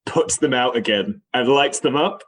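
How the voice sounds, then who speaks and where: A man plays in a tabletop game, dropping dry, wry asides. His voice sits in a middle pitch. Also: normal speed, crowd noise. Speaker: player.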